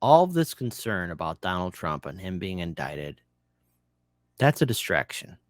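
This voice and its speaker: A man hosting a livestream, pausing a clip to react in an animated, sarcastic way and talking straight to his viewers. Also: deep voice, dry recording, studio quality. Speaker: livestream host.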